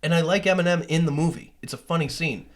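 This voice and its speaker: A man's voice: a little high, quick pace. A young adult man co-hosting a casual podcast, rambling and swearing freely as he talks through movies. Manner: rambling, profane, animated retelling of movie scenes. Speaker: podcast co-host. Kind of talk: casual chat.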